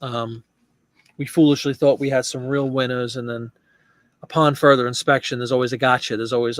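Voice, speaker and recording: A man's voice: medium pitch, little pitch movement, a little fast, fairly bright tone, no echo. A man hosting a live chat show, talking casually and rambling with restarts and asides.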